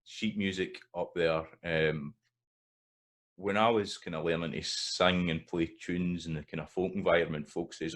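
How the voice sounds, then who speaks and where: Deep-voiced Scottish man teaching. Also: fairly even intonation. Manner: thinking aloud with fillers, repeating example words slowly. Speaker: language teacher. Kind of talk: explanatory video lesson.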